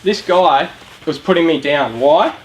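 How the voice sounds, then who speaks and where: A man's voice: a little high, lively intonation, measured pace, a little hiss or hum, poor audio. A young Australian man giving a casual motivational talk to a young audience, chatty and asking them questions. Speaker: youth charity speaker. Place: room with a live audience.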